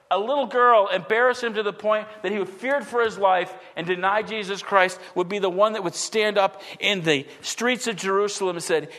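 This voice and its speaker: A man with a high-pitched voice preaches a sermon to his congregation. He swings between ringing, emphatic declarations and hushed, dropped phrases. His voice carries a long hall reverb, as if heard in a church sanctuary. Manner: dynamic preaching, swinging from loud emphatic lines to hushed low ones. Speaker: pastor.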